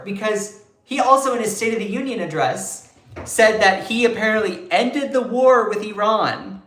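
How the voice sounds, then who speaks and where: Man, live-stream commentator, sarcastic, animated, rhetorical questions, echoey room. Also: high-pitched, normal speed.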